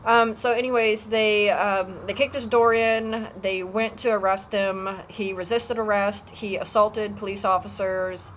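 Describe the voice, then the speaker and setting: A woman vlogging alone, telling a personal story in a halting way with many pauses and restarts. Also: mid-range voice, steady tone, a little hiss or hum, poor audio. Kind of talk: emotional personal vlog.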